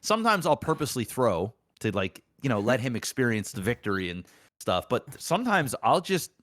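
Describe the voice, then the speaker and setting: A young adult man co-hosting a podcast, telling anecdotes in relaxed, rambling casual chat. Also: mid-range voice, fairly quick, dry recording, studio quality. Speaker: podcast co-host.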